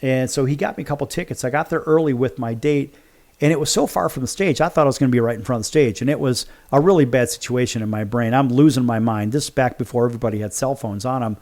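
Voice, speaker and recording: A man's voice: medium pitch, quick pace, darkish tone. A middle-aged man from Chicago hosting a sports betting show, telling a long story in a rambling, chatty way. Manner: rambling, chatty anecdotes with restarts. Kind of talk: casual storytelling on a radio show.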